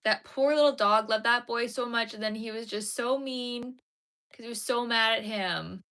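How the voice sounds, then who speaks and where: Her voice sits fairly high and sounds pushed and bright, delivered at normal speed. The young woman is crocheting on a live stream, chatting casually with viewers and getting teary over sad dog movies.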